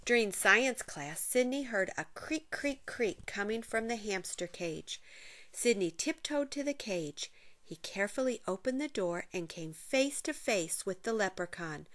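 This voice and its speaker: A woman's voice: mid-range voice, animated, unhurried, a bit bright. A woman reading a children's picture book aloud, expressively, with playful sound effects. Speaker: narrator.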